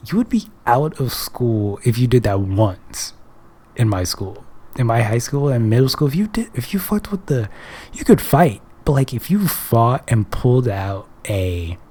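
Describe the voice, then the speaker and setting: A man's voice: mid-range voice, animated, measured pace, warm tone. A young man talking to camera in a casual, rambling monologue, offhand and jokey, often trailing off and restarting, with some swearing. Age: young adult. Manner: profane. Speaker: vlogger.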